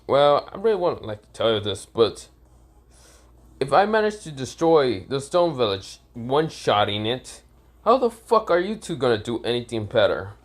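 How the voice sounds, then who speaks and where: A man voicing a cold, contemptuous young male ninja who makes flat, swearing threats, in a fan-made storytelling video. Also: mid-range voice, moderate pace.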